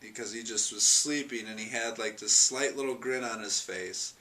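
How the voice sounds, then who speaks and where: A man's voice: fairly low pitch, normal speed, bright, forceful tone. A man telling a fond, rambling personal anecdote in an interview, with many restarts and chuckles. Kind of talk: storytelling anecdote. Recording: distant mic, faint noise.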